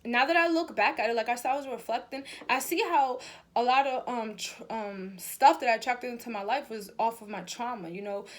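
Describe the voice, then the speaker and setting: A woman with a somewhat high voice talks to her viewers in a loose, chatty way about spiritual matters. She is emphatic and swears freely, often calling her listeners y'all. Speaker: spiritual reader and vlogger. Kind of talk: casual spiritual talk to camera.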